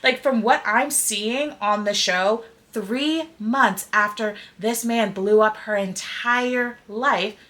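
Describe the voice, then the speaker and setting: A young woman hosting a casual pop culture podcast, opinionated and animated, saying "like" constantly. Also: a little high, slow pace, few pauses. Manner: animated, opinionated, heavy use of "like". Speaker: podcast host.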